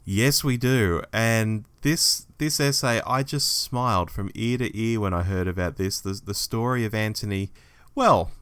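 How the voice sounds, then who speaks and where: A man's voice: lowish voice, a little slow, a bit bright, clean tone, no echo. A man with an Australian accent co-hosting a podcast, chatting enthusiastically. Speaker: podcast co-host. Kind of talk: casual chat.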